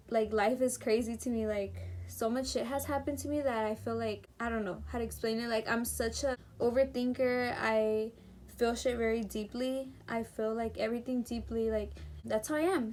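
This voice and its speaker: A woman's voice: a little high, darkish tone, slight background noise. A seventeen-year-old girl telling a personal story in a chatty, emphatic vlog style full of fillers. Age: teens. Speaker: vlogger. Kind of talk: casual storytime.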